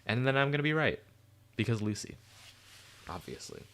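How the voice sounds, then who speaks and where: A man streaming live talks casually and with enthusiasm, answering chat and rambling with many fillers. His pitch is medium, his pace moderate, and there's slight background noise.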